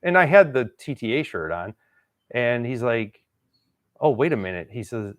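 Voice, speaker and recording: This man, a channel host from Wisconsin, rambles through a long casual story full of laughs and acted-out quotes. He speaks at medium pitch and normal speed, animated, in a dry recording with clean studio sound.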